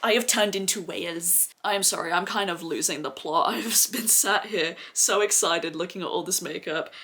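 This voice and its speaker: A woman's voice: fairly low pitch, normal speed, bright, forceful tone. Gushing woman, chatty vlog. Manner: gushing, chatty, heavy use of "like" as filler. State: slightly hoarse, losing voice. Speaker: beauty vlogger. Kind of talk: casual makeup review vlog. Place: seated at home.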